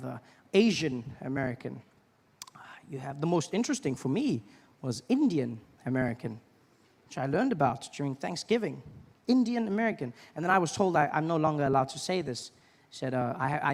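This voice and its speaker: A man's voice: mid-range voice, in a large hall. A man in his thirties doing a stand-up comedy routine on stage, telling stories and acting out voices. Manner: animated storytelling with acted-out voices. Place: stage before a live audience.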